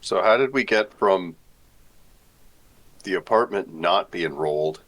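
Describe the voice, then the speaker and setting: A man's voice: deep voice, animated, unhurried, fairly bright tone. A man playing a tabletop game, asking dry, wary questions. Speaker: player.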